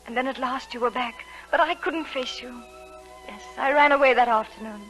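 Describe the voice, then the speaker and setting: Actress playing a torn young woman in love, 1940s radio drama, soft, pleading, slightly high voice, old broadcast, faint music. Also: moderate pace, close to an everyday voice, rough recording. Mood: wistful. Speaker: narrating lead in a radio play.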